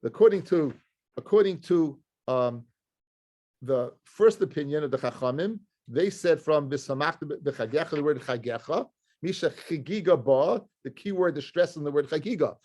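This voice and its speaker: A rabbi with a voice slightly higher than most men's teaches a Talmud class to listeners in the room. Animated and a little mellow, at a moderate pace, he poses questions and answers them himself, shifting easily between English and Hebrew and Aramaic terms.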